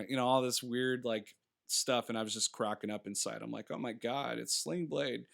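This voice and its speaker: As a podcast co-host in what sounds like his thirties, this man rambles casually about a film, laughing often and dropping into quick character impressions. His mid-range voice is gravelly, bright and forceful.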